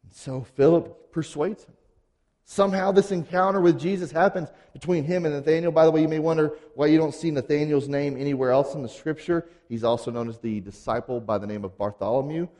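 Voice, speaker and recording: A man preaching a sermon in a conversational, animated way, acting out quotes casually. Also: fairly high pitch, fairly quick. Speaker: pastor. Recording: long hall reverb.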